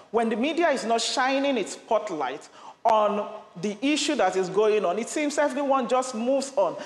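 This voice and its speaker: A woman campaign advocate answering in a news interview, earnest, often restarting her sentences and repeating phrases for emphasis. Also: medium pitch. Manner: earnest, stammering restarts, rhetorical repetition. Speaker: campaign advocate, studio guest. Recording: echoey, reverberant room sound.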